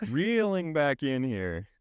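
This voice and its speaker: A man's voice: on the high side, big pitch swings, very slow, clear, resonant tone, no room sound. A man co-hosting a casual podcast chat, easygoing, often restarting his sentences. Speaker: podcast co-host.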